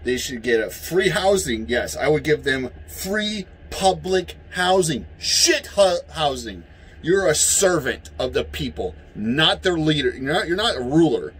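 A man from the United States in a heated, profane political rant, yelling at times. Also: a little high, lively intonation, unhurried, breathy edge, rough recording. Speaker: vlogger.

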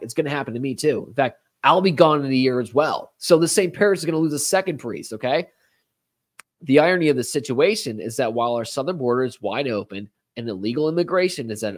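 A man hosts a talk show, moving between commentary and reading a letter aloud. He speaks earnestly and presses hard on key words. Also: medium pitch. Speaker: host.

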